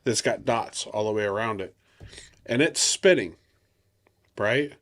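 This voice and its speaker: A man's voice: lowish voice, measured pace, a bit bright, dry recording. A man co-hosting a podcast, chatting casually and joking about growing up with computers. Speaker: podcast co-host. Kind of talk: casual chat.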